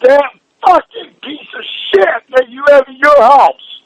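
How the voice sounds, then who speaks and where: Brief: enraged man, very high pitch, hoarse and strained, nonstop cursing in a private fight. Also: animated, a little slow, no echo, rough recording. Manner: furious, shouting, heavy swearing. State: sore, strained voice. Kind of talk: heated private argument.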